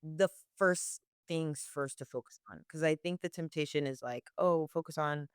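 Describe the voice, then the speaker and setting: A woman's voice: low-pitched, normal speed, smooth, no room sound, studio quality. A young woman working as a barista, answering interview questions casually with many "like" fillers and frequent laughs.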